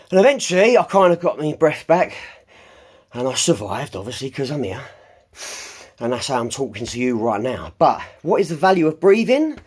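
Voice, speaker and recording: A man talking while holding a plank, strained and out of breath, sighing between emphatic phrases that burst into shouts. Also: sits high, big pitch swings, normal speed, husky. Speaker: fitness vlogger.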